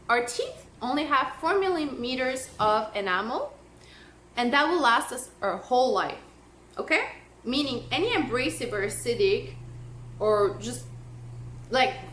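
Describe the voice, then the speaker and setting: A woman's voice: a little high, a bit bright. A young woman vlogging to camera, talking in a passionate, emphatic way with lots of "like". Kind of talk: casual talk to camera. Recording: echoey room, faint noise.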